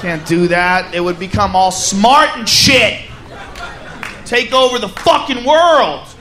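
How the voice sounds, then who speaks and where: A man doing a stand-up comedy set, ranting loudly and profanely in a rowdy manner. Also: high voice, slow. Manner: rowdy, profane, shouting rants. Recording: live club with crowd and noise.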